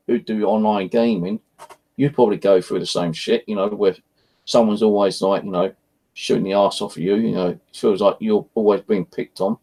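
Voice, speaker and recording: A low, gravelly man talks in a loose, rambling way, full of swearing and frustration. His voice sits dark and mellow, like a casual evening chat recorded at home. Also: rough recording. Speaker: vlogger. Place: at home, indoors.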